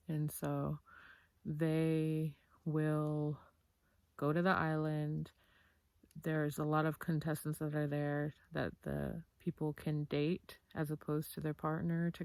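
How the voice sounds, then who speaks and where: A woman's voice: low-pitched, creaky, dry recording. A woman talking candidly in a casual commentary vlog, chatty and full of fillers, with the occasional swear. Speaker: vlogger.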